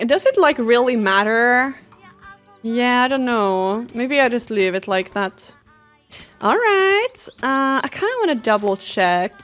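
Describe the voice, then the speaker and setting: A young woman with a fairly high voice, chatting excitably as she plays. She talks straight to her viewers in a casual let's-play style, with faint game music underneath. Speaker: gaming streamer.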